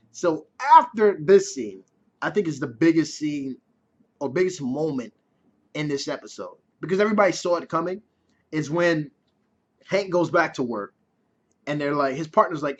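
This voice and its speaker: A man's voice: a little high, expressive, moderate pace, pauses often. A man casually reviewing a TV episode in a chatty way, swearing freely. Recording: dull lo-fi recording.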